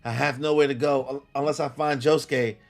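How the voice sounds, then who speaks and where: A man's voice: medium pitch, fairly even intonation, a little fast, creaky, faint music behind, natural voice. A man reading a frightened young woman pleading.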